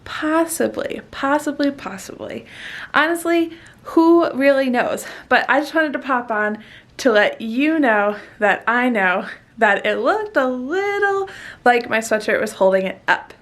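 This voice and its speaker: A woman's voice: fairly high pitch, lively intonation, measured pace, a bit bright. A woman fitness vlogger recording a playful, self-mocking voice-over aside about her own footage.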